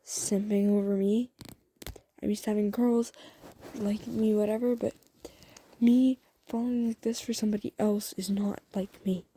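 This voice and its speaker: A flustered young man, as a woman acts him out, stumbles through a breathy, half-whispered confession. His voice is mellow and soft-edged, and he keeps stammering and restarting. It is a whispered role-play. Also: mid-range voice.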